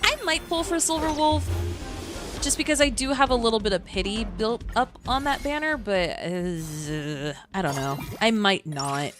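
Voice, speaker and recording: With a voice on the high side and a measured pace, this woman streams as a virtual singer and gacha player. She chats playfully with her chat as she plays, humming and laughing, while background music runs underneath.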